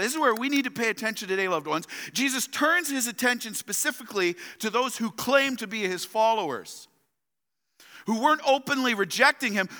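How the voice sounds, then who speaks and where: A man's voice: very high-pitched, bright, forceful tone. A man preaching a sermon as pastor, earnest and emphatic, repeating his key questions to the congregation. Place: church sanctuary. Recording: long echo of a large hall.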